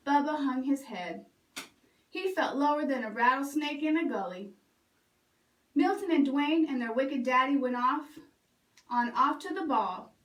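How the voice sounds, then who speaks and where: High-voiced woman reading storytime. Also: recorded from a distance. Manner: lively, expressive reading. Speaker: children's librarian. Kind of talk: storytime read-aloud. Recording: roomy echo, away from mic.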